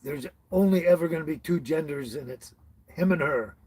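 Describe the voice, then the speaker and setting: Husky Canadian man reading stream comments. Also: on the high side, normal speed, darkish tone. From British Columbia, Canada. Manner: friendly, chuckles often, stumbles over names. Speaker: livestream host. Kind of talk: casual livestream chat reading comments.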